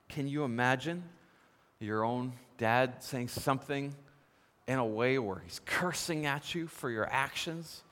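A man preaching a sermon, telling a story with lively emphasis and posing questions to the congregation. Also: mid-range voice. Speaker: pastor. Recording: long reverb of a large hall.

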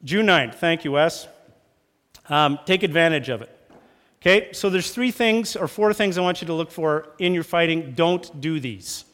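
Pastor preaching in a reverberant hall. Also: male voice, fairly high pitch, normal speed. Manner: lively, acts out quarrels in raised voices. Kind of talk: sermon. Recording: long church hall reverb.

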